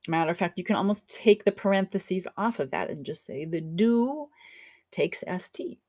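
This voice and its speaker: Gravelly-voiced woman teaching German. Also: on the low side, expressive, normal speed, darkish tone, no echo, studio quality. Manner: chatty, encouraging, checks in with "okay?" and "right?". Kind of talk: classroom lecture over slides.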